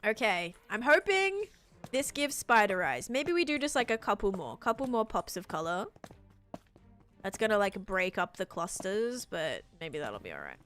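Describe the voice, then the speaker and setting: A woman's voice: medium pitch, very animated, normal speed, a bit bright, soft background music. A young woman, chatting casually while live-streaming a game and answering chat.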